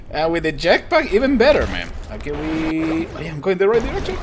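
A young man hosting a gaming channel, giving excited let's-play commentary, laughing, exclaiming and repeating himself as he plays. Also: high-pitched, brisk. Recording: game music behind voice.

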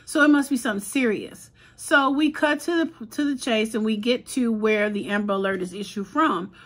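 A woman's voice: on the high side, moderate pace. Chatty woman recapping a TV episode. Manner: chatty, animated retelling with voiced-out quotes and slang. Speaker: TV episode reviewer.

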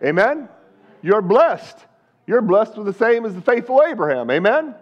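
A man's voice: sits high, sing-song, normal speed, lo-fi sound. A male pastor preaching an emphatic sermon in a church and repeatedly calling out to the congregation. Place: church sanctuary.

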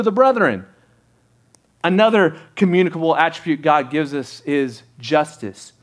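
Man, pastor, preaching a sermon, high voice, conversational, rhetorical questions. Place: church sanctuary.

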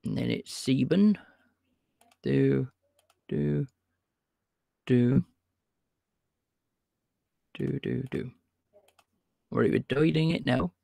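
A man's voice: mid-range voice, drawn-out words, vocal fry, pauses often, dark tone, dry recording. A man hosting a livestream, chatting casually and greeting his viewers by name. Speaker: livestream host calling scammers.

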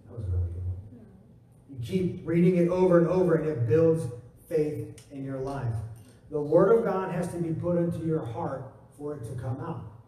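A man's voice: fairly high pitch, mellow, slight background noise. A man preaching a casual, joking sermon as a pastor, acting out quotes in a folksy way. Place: church sanctuary. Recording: echoey hall, mic at a distance.

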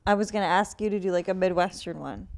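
A young woman hosting a podcast, talking in blunt, crude casual banter with quick jokes. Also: fairly low pitch, darkish tone. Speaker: podcast host.

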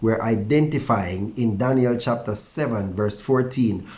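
A man's voice: lowish voice, unhurried, few pauses, a little mellow, lo-fi sound. A male pastor preaching a morning devotion with fervor, with a slightly stuffy nose and frequent hallelujahs. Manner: fervent preaching with repeated hallelujahs. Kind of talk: online morning devotion sermon.

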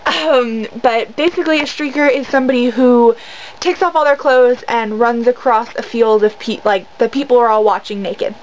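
A woman with a high voice vlogs to camera. She tells her story in a rambling way, with lots of fillers and an indignant edge. A faint hiss runs under the recording. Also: normal speed, rough recording. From United States. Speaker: vlogger. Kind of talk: casual storytelling rant to camera.

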